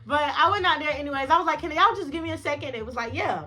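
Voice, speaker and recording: Bright animated young woman telling a story. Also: very fast. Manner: animated, slangy, acts out dialogue with big pitch jumps and laughs. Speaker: vlogger. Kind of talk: storytime vlog.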